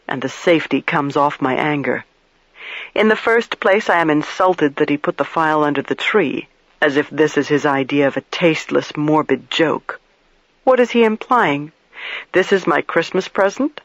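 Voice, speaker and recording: A man's voice: a little high, expressive, fairly bright tone, no echo, lo-fi sound. Man narrating a crime audiobook. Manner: measured, storytelling. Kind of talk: scripted first-person narration.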